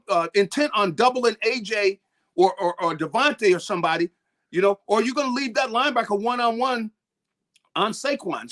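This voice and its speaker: A man's voice: high voice, a bit bright. A man talking football as a guest on a sports show, in a rambling way with lots of repeated words and restarts. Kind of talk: sports talk interview.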